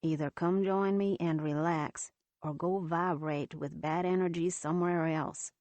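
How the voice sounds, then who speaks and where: A woman voicing a calm young female friend who teases in a dry, unhurried way. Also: fairly low pitch, no room sound, close to an everyday voice. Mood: teasing.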